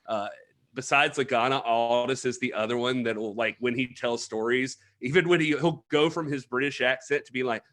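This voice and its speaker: Man hosting a chatty podcast, bright, laughs a lot. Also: mid-range voice, fairly even intonation, normal speed. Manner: laughing, reads chat shout-outs, does impressions. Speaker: podcast host. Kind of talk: casual chat.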